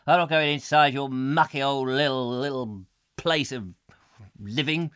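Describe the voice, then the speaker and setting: A man putting on a loud, scolding, squeamish woman neighbour in a comic rant. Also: mid-range voice, unhurried, clean tone, no echo, clean studio sound, natural voice.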